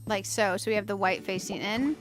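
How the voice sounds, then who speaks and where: With soft music in the background, a woman speaks briskly in a mid-range voice. She runs a gaming channel and, in this casual let's-play, chats to viewers as she builds, thinking aloud in a self-mocking, playful manner.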